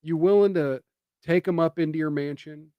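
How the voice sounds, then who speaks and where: A male streamer ranting in political commentary, with a slightly high voice. He talks sarcastically and emphatically, punching lines with indignant questions. The sound is dry and close. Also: normal speed, clear, resonant tone, dry recording, phone-quality sound.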